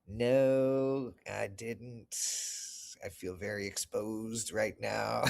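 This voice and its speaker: A man's voice: lowish voice, lively intonation, very slow, vocal fry. A middle-aged man hosting a casual livestream, reading viewer comments aloud and answering them with a chatty, self-deprecating manner, his voice still recovering after losing it. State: recovering from lost voice. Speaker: host reading live chat comments.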